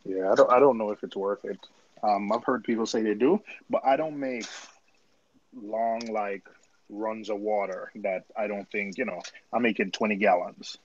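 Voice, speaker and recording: A man hosting a casual live stream, quick to joke and laugh. His audio is muffled and dulled. A constant hiss runs under his voice. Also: on the low side. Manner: joking, laughs often. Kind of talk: casual chat.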